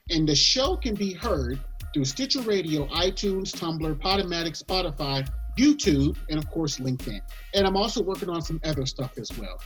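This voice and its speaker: A young adult man hosting a podcast in casual chat, animated and joking, often repeating himself. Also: fairly high pitch. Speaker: podcast host.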